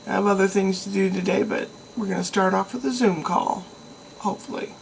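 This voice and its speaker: Chatting to her camera, a woman vlogger rambles casually, laughing and now and then speaking to herself. She talks fairly quickly in a gravelly, medium-pitched voice, on a rough recording with a little hiss or hum.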